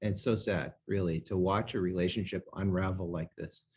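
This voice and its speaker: Animated storytelling middle-aged man. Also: sits low, normal speed, breathy edge. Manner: animated, laughs often. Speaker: co-host and presenter. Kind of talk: storytelling talk.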